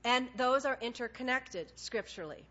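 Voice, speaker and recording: A woman preaching a sermon, animated and conversational, acting out little dialogues with God. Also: on the high side, normal speed. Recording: dull lo-fi sound.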